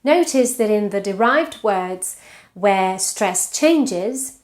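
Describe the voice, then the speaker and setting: A woman's voice: mid-range voice, lively intonation. A woman from Spain with a Spanish accent, coaching English pronunciation in an online lesson, reading out word pairs and checking in with the learner. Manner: explains patiently, checks in with "yeah?" and "right?", reads word pairs slowly.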